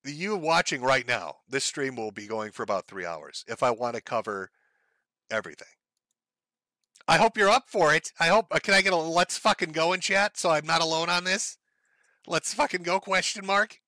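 A man's voice: fairly high pitch, animated, moderate pace, pushed and bright, no echo. A man hosting a live stream, ranting in profane, sarcastic, mocking commentary. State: sore, says his throat gives out.

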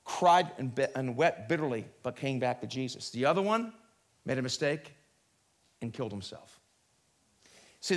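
High-voiced, animated preaching man. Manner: animated preaching, often rising in pitch and volume; quick, conversational asides with restarts. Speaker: pastor. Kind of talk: sermon. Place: church sanctuary, live broadcast.

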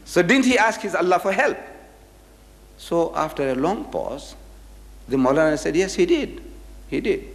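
A man's voice: sits high, expressive, normal speed, long pauses, in a large hall. An older man giving a religious lecture to an audience, telling anecdotes and acting out the voices of the people in them. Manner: storytelling, acting out quoted voices.

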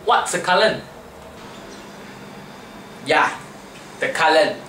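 Young man playing a Singlish male teacher, slow and lecturing, slightly high voice, echoey room, heard from afar. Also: lively intonation, pushed and bright, a little hiss or hum, exaggerated voice. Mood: insistent. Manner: drawn-out, mispronounces terms, lecturing. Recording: echoey room, mic at a distance.

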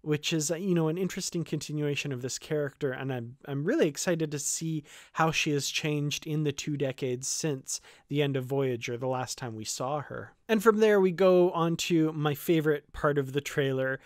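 A man with a fairly high voice gives casual, unscripted commentary on a trailer for his fan channel. He thinks aloud, often pausing with fillers and restarting sentences. The recording is close and dry. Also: no echo.

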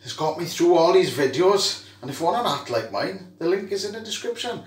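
A Welsh man vlogging as an excitable rugby fan, rowdy, jokey and full of swearing. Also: sits high, fairly quick. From Wales. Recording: echoey room, mic at a distance.

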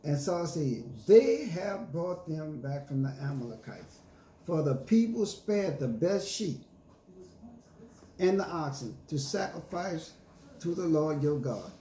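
A pastor delivers an emphatic sermon, reading scripture and then retelling it in casual slang. His voice sits a little high but sounds mellow and warm. The room is echoey, with faint ambient noise behind him. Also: big pitch swings, slow. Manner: preaching with scripture reading and call-and-response.

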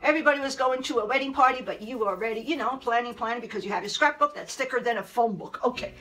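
A woman's voice: on the high side, fairly bright tone, poor audio. A woman vlogger giving a casual, sarcastic commentary monologue, mocking the person she talks about and speaking straight to her. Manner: sarcastic, mocking, addressing the subject directly; repetitive, keeps saying "fast forward" and "move on".

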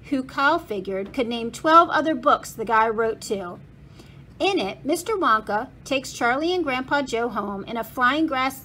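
A woman, a school principal, reading a children's novel aloud with steady, clear storytelling and the odd slip and restart. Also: sits high, slight background noise.

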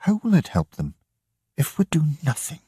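A man's voice: on the high side, wildly swooping pitch, normal speed, warm tone, husky, no echo, clean studio sound, pitched above the performer's own voice, exaggerated voice. A man voicing a brave young woman, a lighthouse keeper's daughter, in a raised, urgent voice for a storybook reading. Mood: defiant. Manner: urgent, pleading.

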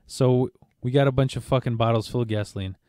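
A man's voice: mid-range voice, steady tone, fast, mellow, dry recording, studio quality. A man telling rambling, profane stories in a casual podcast chat, often restarting his sentences.

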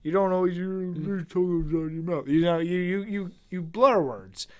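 Philly-accented young guy, podcast co-host, ribbing his buddy, cursing and laughing, slightly high voice. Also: normal speed. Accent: Philadelphia. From Philadelphia, USA. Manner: teasing, profane, laughing often. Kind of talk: casual chat.

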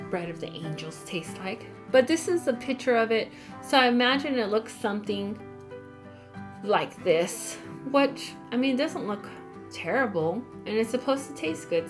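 A woman giving a casual Bible study, reading scripture aloud and adding chatty, apologetic asides. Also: medium pitch. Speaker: Bible teacher.

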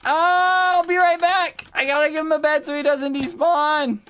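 A man live-streaming a game, talking in a pleading, apologetic way with loud exclamations. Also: very high-pitched, flat delivery, moderate pace. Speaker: gaming streamer. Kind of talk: live-streamed gameplay chat.

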